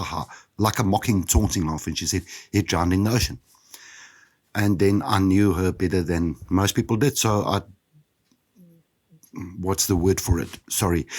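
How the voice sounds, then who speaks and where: A South African man in his fifties, hosting a podcast and telling his own story in a candid, reflective, halting way. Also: low-pitched, breathy edge. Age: 50s. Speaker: podcast host. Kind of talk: personal storytelling monologue.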